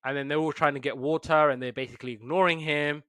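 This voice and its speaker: A man hosting a podcast in casual chat, retelling cartoons with lively put-on voices. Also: a little high, fast talker, smooth, dry recording, studio quality. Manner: animated storytelling with put-on voices. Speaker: podcast host.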